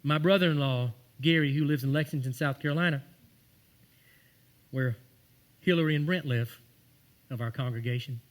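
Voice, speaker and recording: A man preaching a sermon in church, telling stories and acting out the voices of the people in them. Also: fairly high pitch. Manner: storytelling, acting out quoted voices. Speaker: pastor. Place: church sanctuary.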